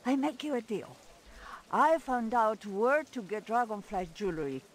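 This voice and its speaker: An actress playing a sly female insect merchant in a video game, with a put-on foreign lilt and a drawn-out sales pitch. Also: lively intonation.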